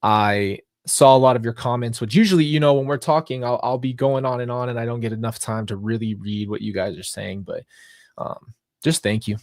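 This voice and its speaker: A young man hosting a podcast, thanking his viewers in a heartfelt, halting way with many restarts, and getting close to tears. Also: medium pitch, fairly even intonation, a little mellow, dry recording. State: emotional, near tears. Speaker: podcast host. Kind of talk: live podcast sign-off to viewers.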